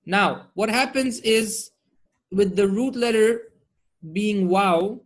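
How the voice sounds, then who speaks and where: A man's voice: sits high, slow pace. A man teaching Arabic grammar online, drilling word forms and checking in with his students often.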